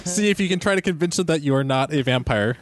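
A man's voice: on the high side, lively intonation, quick pace. A man running a tabletop game as game master, narrating with frequent laughs and fillers. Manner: laughing often, many fillers.

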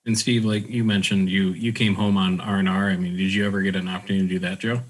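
A podcast host asking relaxed interview questions in a casual chat. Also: male voice, deep voice, fast, slightly rough, rough recording.

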